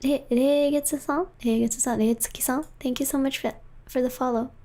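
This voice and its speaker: A woman streamer reading a story and chatting in a soft, playful whispered role-play, close to the mic. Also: high-pitched, steady tone, a little fast.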